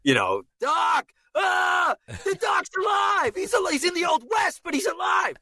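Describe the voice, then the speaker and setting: Man doing Marty McFly, high fry-tinged yell. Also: fairly quick, full character voice. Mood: yelling excited. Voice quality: slight vocal fry, high in the throat. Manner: excited, yelling. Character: impression of a young male film hero, high and yelling.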